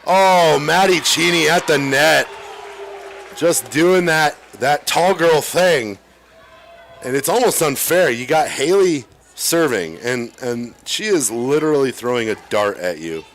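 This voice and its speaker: A man calling a high school volleyball match as play-by-play announcer, chatty and quick to exclaim. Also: expressive, creaky, a bit bright, a little hiss or hum. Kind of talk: live volleyball commentary.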